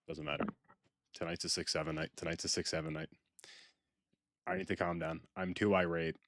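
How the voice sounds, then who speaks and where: A man streaming a horror game live, rambling with repetitive, sarcastic mock calm as he talks to chat. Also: deep voice, fairly quick, no echo, clean studio sound.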